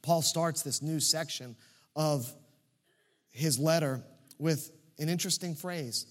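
A man in his thirties delivers a sermon in a notably high voice. He swings between loud, emphatic peaks and soft, quiet asides. He leans on repeated phrases to drive each point home. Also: slow pace, long reverb tail. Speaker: pastor.

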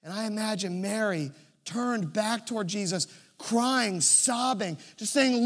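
A pastor in his thirties delivers a sermon with a notably high voice for a man. He tells stories at length, dropping to hushed, quiet phrases and then rising to emphatic, louder stretches as he drives each point home. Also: unhurried. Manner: storytelling, swings between soft and emphatic.

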